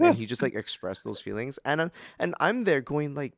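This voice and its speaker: Gravelly laid-back man. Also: medium pitch, big pitch swings, normal speed, few pauses, no echo, studio quality. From Hawaii. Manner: laid-back, says dude a lot, laughs easily. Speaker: podcast co-host. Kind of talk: casual chat.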